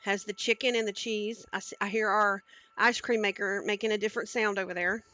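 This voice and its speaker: A woman's voice: mid-range voice, steady tone, a little fast, sharp tone, dry recording, lo-fi sound. A woman cooking on a live stream, chatting casually and talking viewers through each step into a headset mic in her home kitchen.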